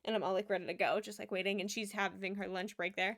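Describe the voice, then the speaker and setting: A woman's voice: medium pitch, little pitch movement, fast, fairly bright tone. A young adult woman streaming, chatting casually with a rambling storytelling manner, lots of fillers and easy laughter. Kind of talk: casual chat while gaming.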